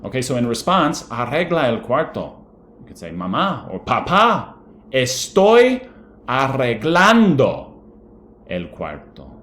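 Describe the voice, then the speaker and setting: A man's voice: deep voice, slight background noise. A man teaching a Spanish lesson to students, friendly and encouraging, reading vocabulary aloud and explaining an assignment. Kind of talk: recorded online lesson for students.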